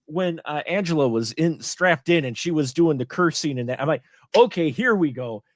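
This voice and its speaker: A man as a guest film reviewer in a casual live stream chat, animated, acting out his own reactions. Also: fairly high pitch, fairly quick, dry recording, studio quality.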